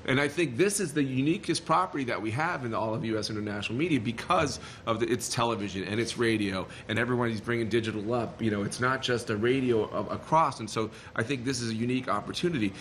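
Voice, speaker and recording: A man from Boston with a Boston accent, a board member speaking in a meeting, animated and full of restarts. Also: medium pitch, fast talker, hardly any pauses, slight background noise. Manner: animated, rambling, frequent restarts.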